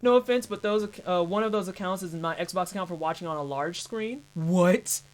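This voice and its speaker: A streamer talks casually with viewers while playing a game, thanking supporters and tossing in playful asides. The voice is mid-range at a moderate pace.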